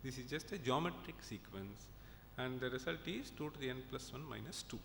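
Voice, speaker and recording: A man's voice: expressive, brisk, vocal fry, a bit bright. A man gives an academic conference lecture, explaining step by step and often checking in with his audience. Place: conference hall. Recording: echoey hall with faint rumble.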